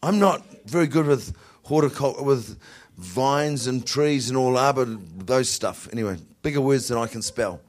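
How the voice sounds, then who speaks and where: A man preaching a sermon in an animated way, often laughing, repeating words and rising to shouts. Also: mid-range voice, moderate pace.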